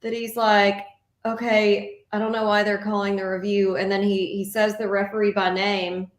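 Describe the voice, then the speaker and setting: A woman's voice: medium pitch, flat delivery, normal speed. A woman co-hosting a podcast, casually retelling funny moments from a radio broadcast of a game. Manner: storytelling, laughing retelling. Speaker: podcast co-host. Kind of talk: casual sports chat. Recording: roomy echo.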